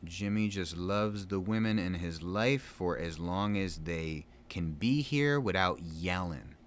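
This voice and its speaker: A deep, slow male voice comes through a little hiss or hum. He is a gaming vlogger around thirty, casually chatting and teasing himself while gaming at home, loose and full of fillers.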